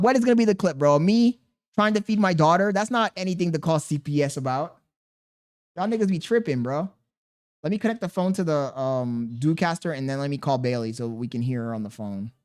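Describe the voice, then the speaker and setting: A man livestreaming casually, coaxing a baby in baby talk, reading viewer messages aloud and bantering with loose, profane slang. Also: on the high side. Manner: reads viewer messages aloud between remarks.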